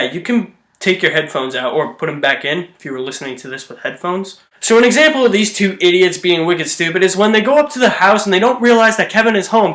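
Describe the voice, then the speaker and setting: A man's voice: high-pitched, fairly bright tone. A man giving a casual, joking movie review with lots of fillers. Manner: chatty, joking, full of fillers and quick voice impressions.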